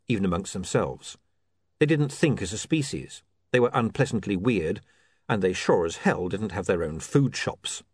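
A man narrating an audiobook in a wry, measured storytelling manner. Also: mid-range voice, husky, dry recording, clean studio sound. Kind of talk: scripted narration.

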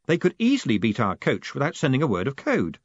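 A man's voice: medium pitch, wildly swooping pitch, quick pace, slightly rough, no room sound, muffled recording, pitched above the performer's own voice, full character voice. A man doing a cheeky, confident con man. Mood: breezy. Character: quick-witted young male con man, cheeky and confident. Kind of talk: audiobook character reading.

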